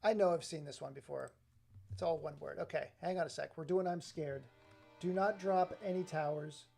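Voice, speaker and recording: A male streamer with a gravelly, husky voice chats loosely with his live viewers, excitable and scattered. His tone is dark and mellow, jumping from thought to thought and greeting people as they arrive. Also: on the high side, normal speed, faint music behind. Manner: excitable, scattered, talks to chat, laughs often.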